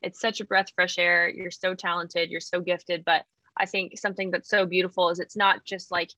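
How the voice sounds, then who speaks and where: A woman's voice: on the low side, level tone, normal speed, bright, forceful tone, no echo, low-quality recording. A woman hosting an interview, talking casually and enthusiastically praising her guest. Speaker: interview host, coach.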